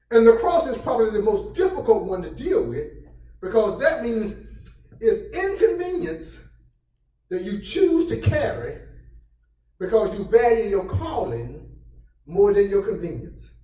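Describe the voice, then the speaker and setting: A man preaching a sermon as pastor, building into shouted exclamations and call-outs to his congregation. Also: high voice. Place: church sanctuary. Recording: echoey church room, mic from a distance.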